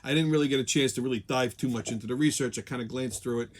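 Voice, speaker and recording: A man's voice: medium pitch, rapid-fire, very noisy. A man hosting a weekly show, ranting sarcastically and profanely. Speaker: host. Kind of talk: profane comedic rant.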